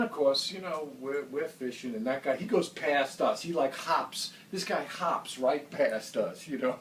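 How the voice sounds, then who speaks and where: A man telling a casual story, laughing often and acting out the shouted lines of the people in it. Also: mid-range voice, slight background noise. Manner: animated, laughing, acts out shouted quotes. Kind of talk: casual anecdote. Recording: roomy, from far off, faint ambience.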